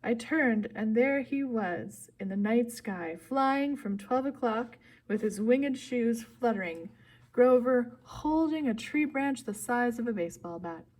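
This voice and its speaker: A woman reading a first-person story aloud in a steady, clear, expressive narration. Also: on the high side, unhurried. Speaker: audiobook reader.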